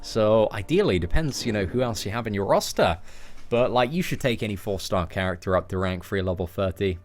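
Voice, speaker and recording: A young man chats his way through a mobile game stream, answering viewers and cracking jokes. His pitch swings widely as he talks, while soft music plays faintly behind him. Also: lively intonation, fairly quick. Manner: chatty, joking, reads out chat messages. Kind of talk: casual live-stream chat.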